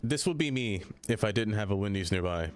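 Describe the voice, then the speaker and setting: A man's voice: on the low side, fairly quick. Young man, live streamer, casual chat with viewers, jokey, laughs a lot, voice swings up and down. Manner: animated, joking, laughs often, reacts to chat.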